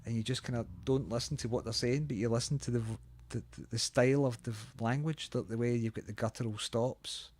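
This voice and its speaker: A middle-aged Glaswegian man in relaxed chat, talking in an even, mid-pitched voice. He is blunt and opinionated, swears without a second thought, and laughs easily between points. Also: fairly quick. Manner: blunt, chatty, laughs often, swears freely. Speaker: guitar reviewer co-host. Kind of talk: casual chat.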